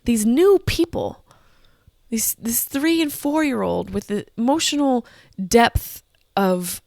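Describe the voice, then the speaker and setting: A woman's voice: fairly high pitch, animated, takes it slowly, vocal fry, a little mellow, dry recording, studio quality. A woman in her thirties telling a personal story as a podcast host, candid, emotional and full of swearing. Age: 30s.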